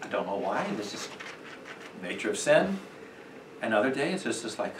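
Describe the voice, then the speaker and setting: A middle-aged man teaching a parenting class at church, talking conversationally with many fillers and acting out quick quotes. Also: on the low side, very animated. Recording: echoey room, distant mic, noisy.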